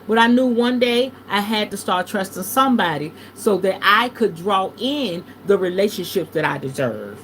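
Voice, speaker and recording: Animated, salty woman reading tarot live. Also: mid-range voice, moderate pace, few pauses, slight background noise. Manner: animated and preachy, swinging between hushed and loud; salty, uses curse words. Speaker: tarot reader hosting a livestream. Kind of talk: casual spiritual chat with tarot reading.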